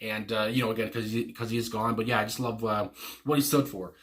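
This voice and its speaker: Bright-voiced man rambling on. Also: lowish voice, flat delivery, quick pace. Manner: rambling, full of fillers and casual swearing; enthusiastic, fond. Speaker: music reaction host. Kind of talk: casual reaction commentary.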